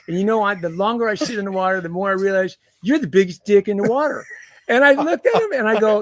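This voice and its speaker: A middle-aged man spins a story in casual backyard chat, his voice sitting fairly high and leaping all over the place. He laughs and swears freely, and his words land dry and close. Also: animated, a little fast, dry recording. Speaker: guest. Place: backyard outdoors.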